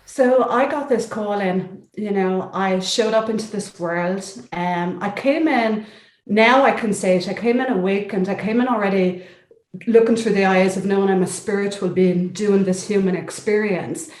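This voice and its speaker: A woman's voice: mid-range voice, moderate pace. An Irish woman guest speaking in a heartfelt, spiritual way, her speech slightly thickened by braces, on a video call. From Ireland. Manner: warm, heartfelt, spiritual talk. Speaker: guest therapist. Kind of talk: interview conversation. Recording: roomy echo.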